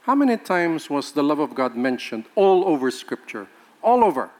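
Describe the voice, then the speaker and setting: High, lively pastor preaching. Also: male voice, moderate pace. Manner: emphatic, rhetorical questions to the congregation; jokes and laughs with the congregation. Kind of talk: sermon.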